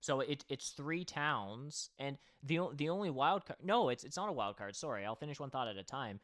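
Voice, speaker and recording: A man's voice: mid-range voice, expressive, normal speed, a bit bright. A man hosting a livestream and commenting casually on a board game match. He thinks aloud and talks straight to his viewers.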